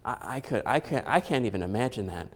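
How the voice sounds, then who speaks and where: A man in his thirties preaching a sermon in an earnest, halting way, often restarting his phrases. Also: on the low side, lively intonation, in a large hall. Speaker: pastor.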